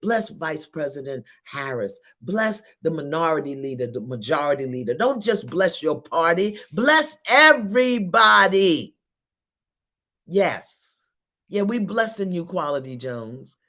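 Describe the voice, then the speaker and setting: A woman as spiritual teacher leading an online group in a guided blessing, urging listeners on with fervent, repetitive calls that swing between soft and loud. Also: low voice, animated, measured pace.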